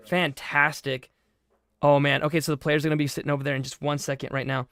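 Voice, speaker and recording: A man hosting a live stream, commenting on play and reading out the chat with quick asides. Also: on the high side, clean tone, dry recording, studio quality. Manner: excitable, reads chat aloud, quick asides. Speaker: livestream host and commentator.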